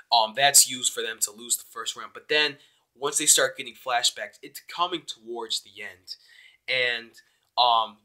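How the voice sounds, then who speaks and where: A young man giving a casual, rambling, excitable spoken review of an anime episode. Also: mid-range voice. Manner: excitable, rambling, with many fillers.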